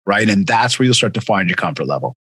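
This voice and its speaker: A man hosting a podcast interview, chatting casually and telling lively stories with acted-out quotes. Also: on the low side, fast, slightly rough, no room sound. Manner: animated storyteller, acts out quotes. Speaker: podcast host.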